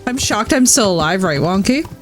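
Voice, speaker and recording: A woman streams a game and banters with her viewers in a casual, joking way, swearing now and then. Her pitch sits mid-range, and faint music runs underneath. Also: big pitch swings, normal speed. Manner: playful, swearing, laughing, chatting with viewers. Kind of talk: casual live-stream chat over gameplay.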